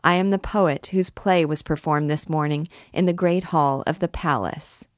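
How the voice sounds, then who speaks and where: Woman doing an earnest poet guy pleading his case, low dry voice. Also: normal speed, no room sound, close to an everyday voice. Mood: firm. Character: cool-headed male poet pleading for his life.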